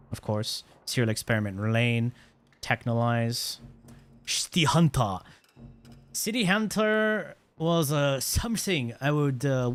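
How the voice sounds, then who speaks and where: A man streaming live, chatting casually in a rambling, excitable way with quick blunt opinions. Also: medium pitch.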